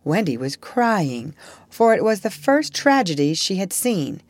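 A woman narrator reading a storybook aloud in a measured, expressive way. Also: medium pitch, dry recording.

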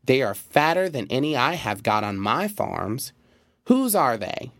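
An old king full of eager, greedy admiration, as a man acts him out in a storybook reading. His pitch sits raised above the reader's own, and the sound stays close and dry. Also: very animated, measured pace, a bit bright, no room sound. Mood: admiring.

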